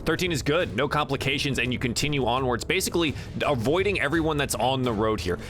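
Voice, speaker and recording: A man narrating as game master in a relaxed, chatty way with frequent fillers. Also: medium pitch, fast, faint music behind.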